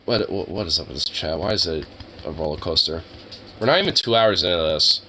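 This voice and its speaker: A man's voice: deep voice, brisk, pushed and bright, a little hiss or hum, poor audio. A young man streaming live, chatting casually with his viewers in a rambling, joking way full of filler words.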